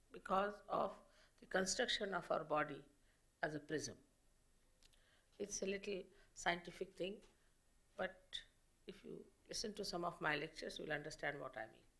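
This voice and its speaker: A woman giving a public spiritual lecture as a teacher, explaining slowly and in measured phrases with pauses. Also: on the low side, fairly bright tone.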